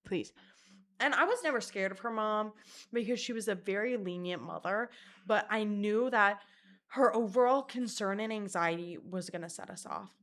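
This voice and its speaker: Animated, profane young woman telling a story. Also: mid-range voice, normal speed. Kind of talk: storytime vlog.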